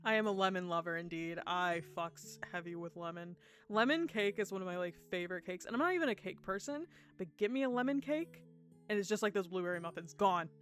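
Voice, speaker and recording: Excitable, laughing woman streamer. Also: fairly low pitch, fairly quick, soft background music. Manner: excitable and gushing, laughs often, swears casually. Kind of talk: live game stream commentary.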